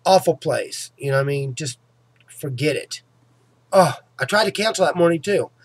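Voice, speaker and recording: A man recounts a painful tooth extraction in a casual vlog, his jaw sore, cursing freely, speaking emphatically, and checking in with "okay?" His slightly high, husky voice has lively intonation and a moderate pace, with no echo.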